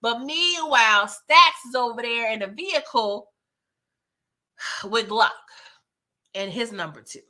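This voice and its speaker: A woman recapping a TV episode in a loose, chatty way, full of slang and asides to her viewers. Her voice sits a little high and has a bright, forceful edge. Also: animated, slow, long pauses. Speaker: TV recap host.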